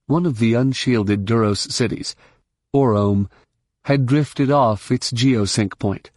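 Steady male audiobook narrator, dry sound. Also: medium pitch, no room sound. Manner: steady, measured storytelling. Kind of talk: scripted narration.

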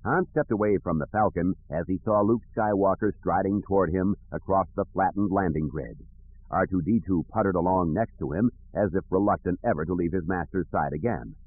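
A man with a low, husky voice narrates an audiobook in a steady, even way. The recording is thin and tinny, like a phone line. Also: a little fast. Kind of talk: scripted narration.

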